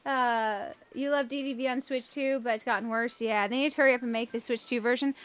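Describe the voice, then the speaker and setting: High-voiced giggly woman streamer. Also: steady tone, brisk. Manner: chatty, giggly, reads chat aloud and rants playfully. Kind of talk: casual live-stream chat while gaming.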